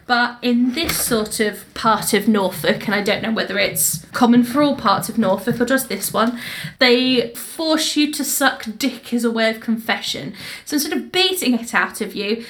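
A woman's voice: a little high, unhurried, fairly bright tone. A woman co-hosting a podcast, making dry, crude jokes in casual chat about a book. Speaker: podcast co-host.

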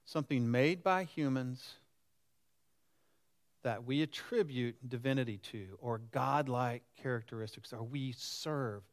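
Lively man in his sixties preaching. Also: medium pitch, a little slow. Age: 60s. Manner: conversational, asks the congregation questions; lively and animated. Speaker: pastor. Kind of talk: sermon.

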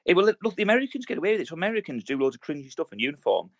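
Fast-rambling man with a dry sound. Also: on the high side, sing-song, no echo. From United Kingdom. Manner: rapid, rambling storytelling with lots of swearing and military slang. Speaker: podcast co-host. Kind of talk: casual chat.

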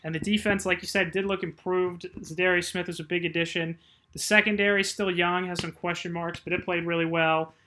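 A man co-hosting a casual sports chat, measured and quick to laugh. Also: sits high, little pitch movement, sharp tone, slight background noise. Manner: measured, chatty, laughs easily. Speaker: podcast co-host.

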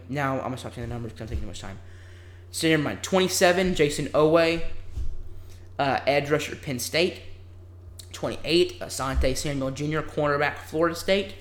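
A man's voice: a little high, fairly bright tone, reverberant. A man hosting a solo sports podcast, reading down a ranked list of players in a casual, rambling way with offhand asides. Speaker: podcast host.

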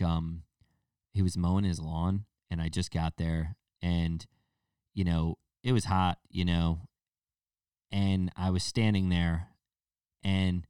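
Low-voiced man rambling on a podcast. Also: a little mellow, clear, resonant tone, no room sound, clean studio sound, distant mic. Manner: rambling, many restarts and fillers; mocks people with put-on baby voices. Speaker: podcast host. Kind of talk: casual solo podcast chat.

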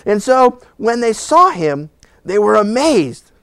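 A middle-aged male pastor teaching through a Bible passage in a sermon, telling the story in an animated way. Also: high-pitched, slow pace, clear, resonant tone, dry recording, studio quality. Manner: animated storytelling, acting out voices with laughs.

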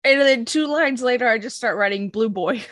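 Recapping an anime episode in casual chat, this podcast co-host giggles a lot and does silly voices for quotes. Her voice is on the high side and fairly bright, at a moderate pace, with no room sound.

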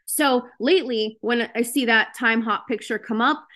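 A woman's voice: fairly high pitch, normal speed, fairly bright tone. A woman giving a casual motivational talk to her group over a video call, speaking frankly and chattily with lots of fillers. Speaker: host of a self-help session.

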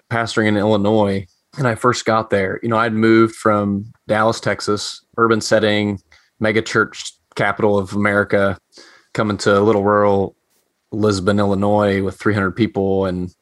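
A man, a pastor, responds in a warm-hearted, affirming conversational tone with a lowish voice. His recording is close and completely dry, with no room sound around it. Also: no room sound. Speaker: pastor and co-host. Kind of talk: casual conversation.

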